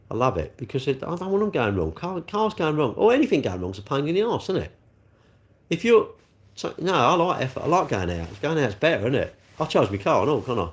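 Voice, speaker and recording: A middle-aged man chatting bluntly on a livestream, reading out comments and mocking himself. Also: medium pitch. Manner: chatty, blunt, self-mocking, laughs often. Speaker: livestream host, car dealer.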